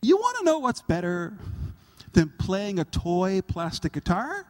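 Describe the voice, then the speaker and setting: A man's voice: sits high, measured pace, long reverb tail. A man preaching a sermon as pastor, telling stories with acted-out quotes and laughter. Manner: animated, acts out quotes and laughs at his own stories. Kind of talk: sermon with storytelling.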